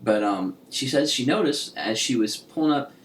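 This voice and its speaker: A man's voice: medium pitch, animated, normal speed. A man co-hosting a podcast, chatting casually and rambling through stories with lots of restarts and laughs. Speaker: podcast co-host. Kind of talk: casual chat. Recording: echoey room with faint hiss.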